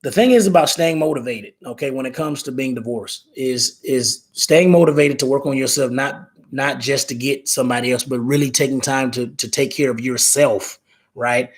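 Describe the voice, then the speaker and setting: A man's voice: mid-range voice, moderate pace, slightly rough. A man in his thirties hosting a casual live stream, talking in a rambling way, repeating words and reading viewer comments aloud. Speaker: live show host.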